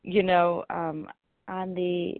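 A woman's voice: lowish voice, level tone, takes it slowly, dry recording. A woman from Ohio starting a hesitant share at a recovery meeting. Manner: hesitant, many ums. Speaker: meeting member sharing. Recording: dry tinny phone line.

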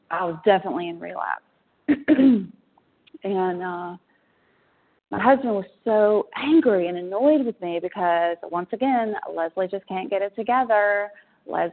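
Woman telling her recovery story, earnest, lots of ums, sounds like a tinny phone call. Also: fairly low pitch. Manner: earnest, halting with frequent ums. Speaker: meeting participant sharing. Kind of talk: personal recovery share. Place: room at a convention.

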